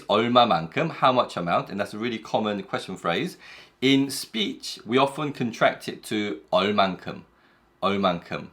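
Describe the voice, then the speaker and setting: Male language teacher, somewhat low voice, patient step-by-step explanations, quick example phrases. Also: a bit bright. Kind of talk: explaining Korean grammar in English.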